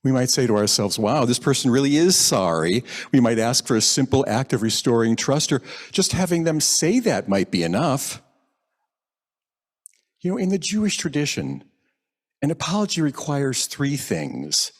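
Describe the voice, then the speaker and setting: A man preaching a sermon at a church service, gentle and reflective, lingering over quoted phrases. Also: mid-range voice, big pitch swings, normal speed. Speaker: minister. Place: church sanctuary.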